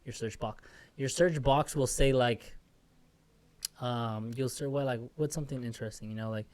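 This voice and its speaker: A young man hosting a solo podcast from an office room, rambling in a casual, profane, self-mocking rant with music playing softly behind him. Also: mid-range voice, normal speed. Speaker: podcast host.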